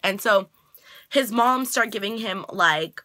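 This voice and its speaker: Bright, chatty woman recapping a show. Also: mid-range voice, slow. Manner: chatty with slangy asides. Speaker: vlogger reacting to a TV episode. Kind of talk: casual episode recap.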